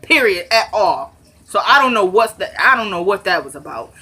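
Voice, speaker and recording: A woman's voice: mid-range voice, very animated, moderate pace, bright, forceful tone, husky. A woman giving a casual, chatty and opinionated recap of a TV episode, talking straight to her viewers.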